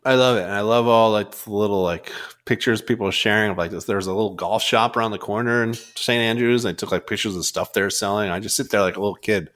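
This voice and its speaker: A man's voice: on the low side, brisk, a bit bright. A young man co-hosting a podcast, casual, joking and swearing freely. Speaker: podcast co-host. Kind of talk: casual chat.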